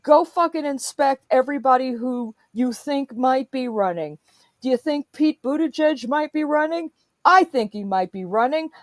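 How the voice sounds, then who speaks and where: A woman's voice: high-pitched, expressive, normal speed, dry recording. A woman in a profane, emphatic political rant, speaking as a podcast host.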